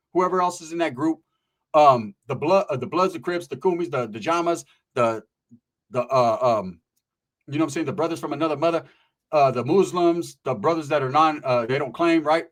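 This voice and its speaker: A man's voice: fairly high pitch, fairly quick. A man hosting a channel, telling casual stories about prison life in blunt, profane street slang and checking in often with "right?". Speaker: channel host and storyteller.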